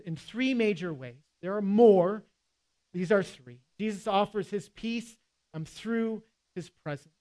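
A man's voice: high-pitched, a little mellow. A man preaching a sermon in a conversational way, with casual asides and quoted scripture. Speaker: pastor.

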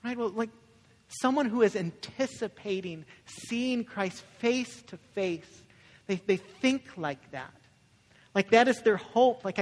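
A man's voice: high-pitched, expressive, slow pace. A young man preaching a conversational sermon as a pastor, often asking "right?" and telling stories. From Michigan, USA. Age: young adult. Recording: echoey hall with long reverb.

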